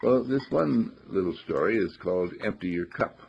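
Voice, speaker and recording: Male spiritual teacher, gravelly low voice, husky, soft-spoken storyteller, dull lo-fi recording. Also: lively intonation, moderate pace, slight background noise. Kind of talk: reflective spiritual talk with told stories.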